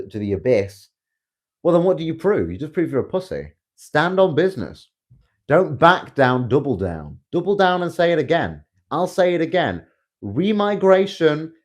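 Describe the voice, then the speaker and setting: A man's voice: mid-range voice, darkish tone. A man from England with an English accent, delivering a combative, heated and sarcastic ranting monologue. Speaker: online commentator.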